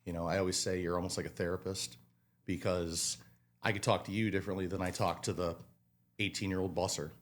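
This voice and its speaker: Animated man telling work stories. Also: sits low, a little fast. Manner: animated storyteller, acts out quotes, swears casually. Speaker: restaurant manager, podcast guest. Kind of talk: casual interview storytelling.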